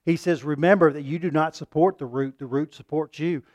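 A man preaching a sermon in a fairly high voice, recorded close and dry with no room sound. He swings from loud, pressing peaks down to quiet asides, and he keeps asking the congregation questions and repeating words to drive them home. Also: steady tone, brisk, no room sound.

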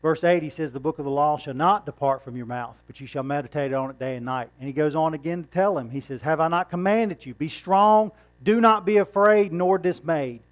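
A man's voice: on the high side, fast, few pauses. A man preaching a sermon in a conversational way, asking rhetorical questions and chuckling now and then.

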